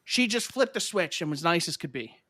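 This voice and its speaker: A young man hosts a casual podcast, telling stories and acting out the voices of the people in them. His voice is fairly high and bright, and it swings widely in pitch. The sound is dry and close. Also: fairly quick, dry recording. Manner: animated storyteller, acts out voices when retelling. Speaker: podcast host. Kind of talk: casual chat.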